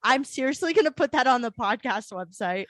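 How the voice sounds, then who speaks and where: A woman's voice: on the high side, expressive, brisk, a bit bright, no room sound, clean studio sound. Chatty young woman from the South. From American South. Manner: chatty, swearing, laughs often. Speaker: podcast co-host. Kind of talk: casual chat.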